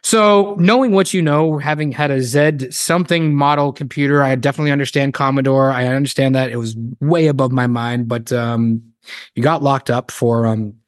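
A man hosting a podcast, talking in an animated, joking, rambling way. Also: medium pitch, normal speed, no echo, clean studio sound. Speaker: podcast host. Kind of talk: casual interview chat.

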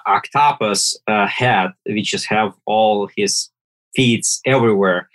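A man with a Russian accent, a native Russian speaker, talking as an interview guest in halting speech with many fillers and restarts. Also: on the low side, a bit bright, low-quality recording. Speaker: guest, operations and IT director. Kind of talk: casual interview talk.

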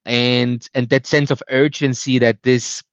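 A man's voice: mid-range voice, level tone, measured pace, dry recording, dull audio. A man from Austria whose first language is German, speaking as an interview guest, often restarting and searching for words. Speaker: guest, IT leader. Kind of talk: casual interview chat.

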